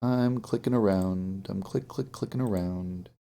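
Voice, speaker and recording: A man's voice: low-pitched, measured pace, creaky, dark tone. A sleepy man streaming as a game developer, muttering to himself while he works and throwing in jokey asides. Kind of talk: live-stream coding commentary.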